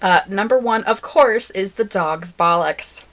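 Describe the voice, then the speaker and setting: A woman co-host in a relaxed podcast chat, laughing easily as she runs through facts she has looked up. She talks at a middling pitch and keeps the conversation moving. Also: measured pace. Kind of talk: casual chat.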